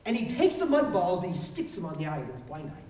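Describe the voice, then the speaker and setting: A man preaching a sermon, telling a story in an animated way and acting out the voices of its people. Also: high-pitched, fast. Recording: roomy hall recorded from a distance.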